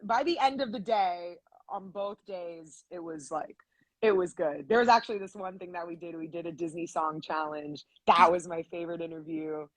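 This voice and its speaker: A young woman with a slightly husky voice tells stories in a chatty, animated way, full of fillers and quick asides. She sounds close to the mic in a dry space, as if speaking on a live stream. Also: fairly low pitch, dry recording. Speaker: voice actress guest. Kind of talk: casual live-stream interview.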